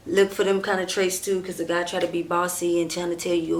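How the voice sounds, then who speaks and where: A woman telling a personal story on her vlog, talking straight to her viewers with lots of "like" and "and stuff", acting out what people said and dropping to a hushed near-whisper at tense moments. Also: on the low side, slight background noise. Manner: animated, talks straight to viewers and acts out quoted dialogue; drawn-out fillers and frequent "like", "and stuff". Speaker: storytime vlogger. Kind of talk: casual storytime chat.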